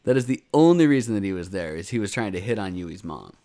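A fast-talking man with a lowish voice recaps an anime as a podcast co-host in casual conversation. He curses, stays animated, and shouts out characters' lines as he acts them.

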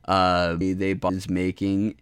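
Male co-host, low smooth voice, excitable and sweary, dry studio sound. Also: measured pace, dry recording. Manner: excitable, swearing, laughing often. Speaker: podcast co-host. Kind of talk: casual chat.

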